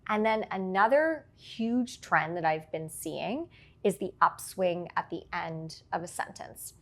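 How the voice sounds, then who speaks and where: A woman working as a public speaking coach, explaining her points clearly in an interview and often checking in with "right?". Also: fairly low pitch, a little slow. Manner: articulate, explains with examples and frequent "right?". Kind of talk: instructive interview answers.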